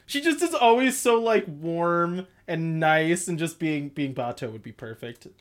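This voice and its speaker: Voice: medium pitch, expressive, a little slow. A podcast host chatting casually, rambling with lots of "like" and frequent laughter.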